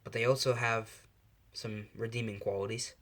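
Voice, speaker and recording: Man reading softened male devil, low, hushed, tender. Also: flat delivery, normal speed, natural voice. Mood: wistful.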